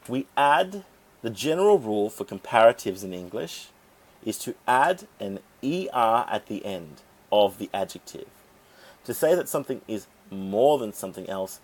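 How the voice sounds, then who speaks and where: A man teaching an English grammar lesson, explaining rules step by step and sounding out syllables deliberately. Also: on the low side.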